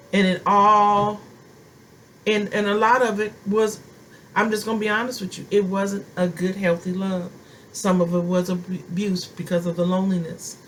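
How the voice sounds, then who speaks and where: A woman's voice: on the low side, slight background noise. A middle-aged woman prophetess preaching a sermon, impassioned and driving her points home with emphatic repetition.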